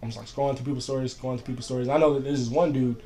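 A man's voice: mid-range voice, steady tone, very fast, warm tone. A young man in casual chat, telling a story in a rambling way, full of fillers and "I was like.".

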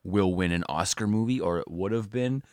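Deep-voiced casual podcast guy. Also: a little fast, darkish tone, clean tone, dry recording, clean studio sound. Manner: rambling, heavy use of "like" fillers, swears casually. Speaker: podcast co-host. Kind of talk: casual chat.

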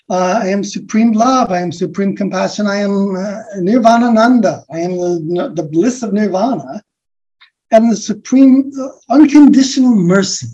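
Mellow-voiced man, dull recording. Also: high voice. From USA. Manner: rambling, soft-spoken, many restarts and fillers. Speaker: guest. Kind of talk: reflective spiritual conversation.

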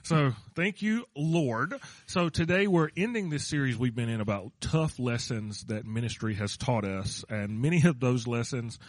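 A man with a mid-pitched voice co-hosts a casual ministry podcast, trading jokes and playful asides. The sound is dry and close-miked. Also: normal speed, few pauses, dry recording. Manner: joking, playful banter. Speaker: podcast co-host, pastor. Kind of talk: casual chat.

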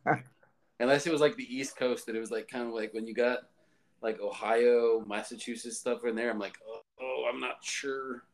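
A man's voice: medium pitch, fairly even intonation, a little fast. A man co-hosting a podcast, rambling casually with joking asides. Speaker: podcast co-host. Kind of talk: casual chat.

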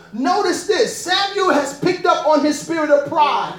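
A woman preaching a sermon in a lively, animated way, often laughing and calling out to the congregation. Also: sits high, unhurried, few pauses. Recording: echoey room.

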